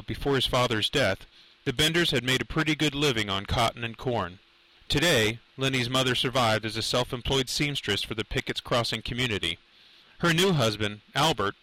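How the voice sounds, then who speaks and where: A male audiobook narrator reads a suspenseful novel in a measured, dramatic way. His voice sits in an ordinary middle pitch with a bright, forward tone. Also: low-quality recording. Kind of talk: scripted narration.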